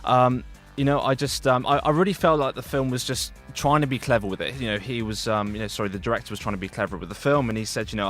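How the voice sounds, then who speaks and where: A man's voice: mid-range voice, fast, hardly any pauses, a bit bright. A young man giving a radio film review, rambling with lots of fillers and restarts. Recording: radio studio with faint music.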